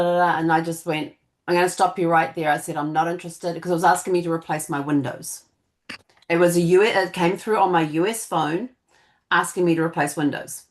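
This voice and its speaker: A woman on a video call telling an anecdote animatedly, acting out both sides of a conversation. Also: low voice. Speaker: participant. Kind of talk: casual storytelling on a video call.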